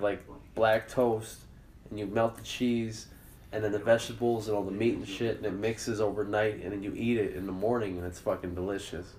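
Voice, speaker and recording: A man's voice: lowish voice, a little mellow, roomy sound, a little hiss or hum. A man co-hosting a podcast, chatting casually in a loose, profane, rambling way with lots of fillers. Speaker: podcast co-host. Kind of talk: casual chat.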